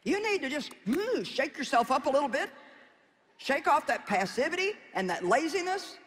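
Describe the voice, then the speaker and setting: A man's voice: very high-pitched, big pitch swings, moderate pace, fairly bright tone, long reverb tail. A man preaching a sermon in a folksy, conversational way, with emphatic exhortations.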